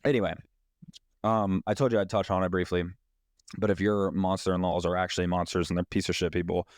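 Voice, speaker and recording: A man's voice: deep voice, little pitch movement, brisk, no echo, clean studio sound. A young man in his twenties hosting a podcast, giving blunt, profane, emphatic relationship advice in a casual monologue. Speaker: podcast host.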